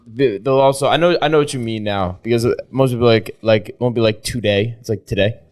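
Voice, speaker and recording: A man's voice: medium pitch, fast talker, clean tone. Laid-back man telling stories with "like" fillers. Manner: relaxed storytelling, lots of fillers, swearing. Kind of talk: casual podcast banter.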